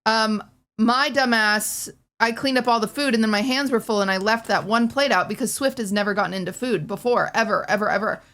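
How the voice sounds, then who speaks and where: A young woman rushes through a frustrated story in a casual rant, slightly high-voiced and quick. She swears freely and slips into quoting other people as she goes. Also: a bit bright. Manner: fast, exasperated, swearing, acting out quoted dialogue. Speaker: streamer telling a personal story.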